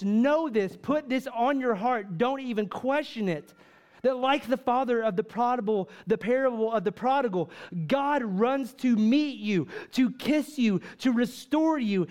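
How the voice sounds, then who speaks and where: A man's voice: very high voice, darkish tone. A man preaching a fervent sermon to a church congregation, full of rhetorical questions and repeated "right?" asides. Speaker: pastor.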